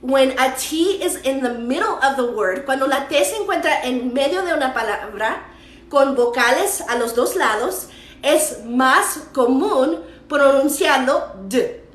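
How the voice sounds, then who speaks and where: A woman from the United States, a native English speaker, teaching English in a livestream and switching between Spanish and English, repeating words slowly. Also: sits high, expressive, reverberant. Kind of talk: bilingual livestream lesson.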